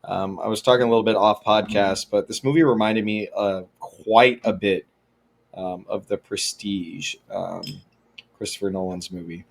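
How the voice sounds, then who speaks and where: A man's voice: on the low side, moderate pace, vocal fry. A man co-hosting a casual movie review podcast, talking bluntly with lots of swearing. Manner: blunt, profane, animated. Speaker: podcast co-host. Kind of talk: casual chat.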